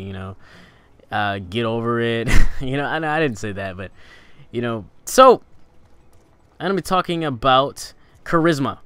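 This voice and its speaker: A young man hosting a gaming channel, talking casually through tips, rambling with fillers and restarts, his pitch rising and falling for emphasis. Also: very animated, moderate pace, a bit bright, clean tone. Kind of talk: casual instructional vlog talk.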